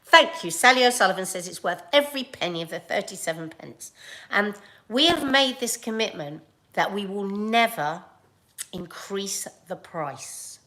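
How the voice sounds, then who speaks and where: Woman, vlogger, casual rambling chat with fillers, mid pitch. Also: animated, normal speed, pushed and bright. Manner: chatty and rambling, with frequent fillers and laughs.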